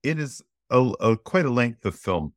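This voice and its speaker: A man hosting a casual movie podcast, joking and animated as he introduces a guest. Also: medium pitch, normal speed, no room sound, clean studio sound. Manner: animated and joking, acts out quotes. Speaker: podcast host.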